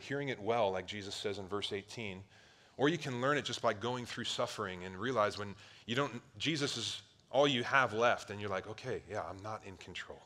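A man in his thirties from Ohio preaching a sermon, animated, swinging between loud outbursts and hushed asides. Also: fairly low pitch. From Ohio, near Cleveland. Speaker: pastor.

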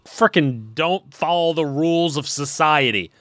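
A man's voice: a little high, a little slow, fairly bright tone, no echo, studio quality. A man chatting casually and teasing his co-host with playful interjections. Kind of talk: casual chat.

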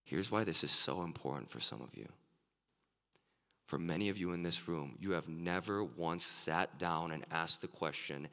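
A man preaching an earnest sermon as a pastor, his voice turning excited and emphatic at times. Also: low voice, normal speed. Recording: live sermon with long hall reverb.

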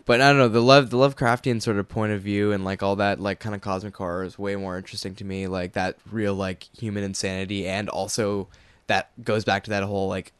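A man's voice: fairly low pitch, little pitch movement, brisk, clean tone, dry recording. A man in casual podcast chat, rambling with many fillers and restarts.

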